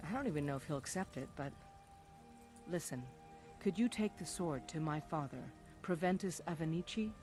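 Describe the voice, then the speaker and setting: A woman's voice: low voice, normal speed, darkish tone, faint music behind, lightly acted. An actress voicing an earnest young blacksmith woman in a fantasy video game, asking a favour.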